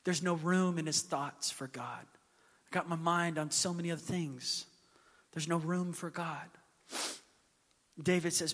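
A male pastor preaches with passion, his voice swelling to emphatic peaks and sinking to near-whispers. His voice sits a little higher than most men's, and it rings through the long reverb of a big hall. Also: fairly even intonation, measured pace. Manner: passionate, building to emphatic peaks, then hushed. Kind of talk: sermon.

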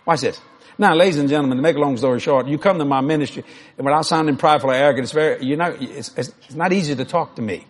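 Husky older preacher telling a story. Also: male voice, fairly high pitch, rapid-fire. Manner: animated storyteller who acts out dialogue, rising to near shouts. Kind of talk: storytelling sermon.

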